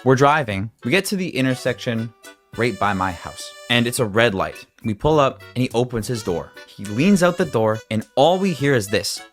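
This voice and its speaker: A young man excitedly telling a story-time vlog, swinging between loud outbursts and hushed asides, with some swearing and stammering. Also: medium pitch, moderate pace, soft background music.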